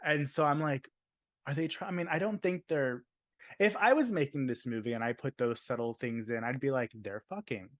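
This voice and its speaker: A man's voice: mid-range voice, a little fast, dry recording, studio quality. A man hosting a podcast in casual chat, sassy and dramatic, full of jokes. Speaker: podcast host.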